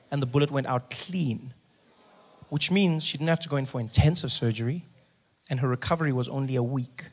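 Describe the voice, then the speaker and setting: A young man with a South African accent doing animated stand-up comedy on stage, telling stories with playful voices. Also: on the high side, slightly rough. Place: live venue with audience.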